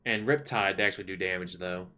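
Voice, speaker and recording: A man's voice: low-pitched, fast talker, bright, forceful tone. A man hosting a livestream, chatting casually and sarcastically while complaining. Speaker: livestream host. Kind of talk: casual rambling chat.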